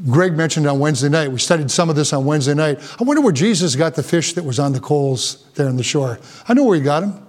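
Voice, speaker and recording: A male pastor delivers a fervent sermon, his voice sitting a little high. He presses his points with emphatic, rising peaks. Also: animated, fast, hardly any pauses, darkish tone.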